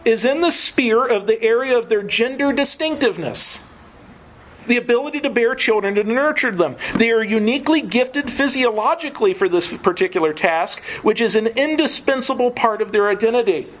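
High-voiced man preaching a sermon. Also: fairly bright tone, poor audio. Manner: earnest teaching with frequent chuckles.

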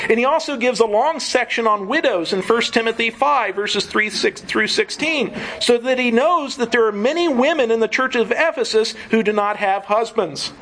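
Guy preaching a sermon, pretty high voice, chuckles here n there, faint hum of the room. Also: fairly bright tone, poor audio. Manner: earnest teaching with frequent chuckles.

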